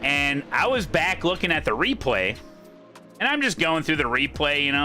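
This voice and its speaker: A man chatting casually on a racing livestream, his voice bright and lively, rising and falling a lot. He rambles, restarts and repeats his points. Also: medium pitch, moderate pace, soft background music. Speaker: sim racing streamer host.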